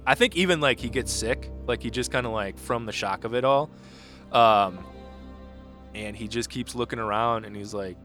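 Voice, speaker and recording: A man running a tabletop role-playing game, narrating in a relaxed way with many fillers. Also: mid-range voice, moderate pace, soft background music. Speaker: game master.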